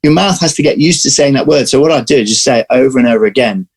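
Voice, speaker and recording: A man being interviewed as an actor, telling lively anecdotes in casual chat over a video call. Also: mid-range voice, rapid-fire, breathy edge, low-quality recording. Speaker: actor guest.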